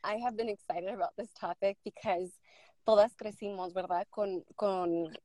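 A woman's voice: medium pitch, steady tone, moderate pace, warm tone, no room sound. Giggly woman host in a dry room. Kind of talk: casual chat.

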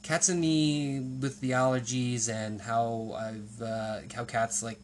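A man's voice: mid-range voice, flat delivery, slow, a little hiss or hum. A man chatting casually as a podcast co-host, telling digressive stories with lots of fillers. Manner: rambling, digressive storytelling with many fillers. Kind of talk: casual conversational chat.

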